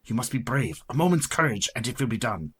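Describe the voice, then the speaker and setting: An actor playing a resolute, scholarly vampire hunter in a radio play, with a husky, authoritative voice. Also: male voice, mid-range voice, very animated, brisk, a bit bright. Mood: commanding.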